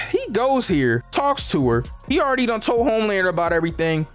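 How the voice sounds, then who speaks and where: A man's voice: high voice, moderate pace, faint music behind. A man giving a casual, slang-heavy, profane recap of a TV episode as a YouTube commentator. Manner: slangy, profane, animated storytelling.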